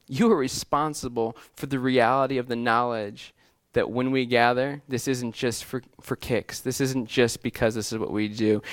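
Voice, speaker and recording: A man's voice: mid-range voice, no room sound, clean studio sound. A man preaching a sermon in an earnest way, often restarting phrases and building to emphatic lists. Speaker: pastor.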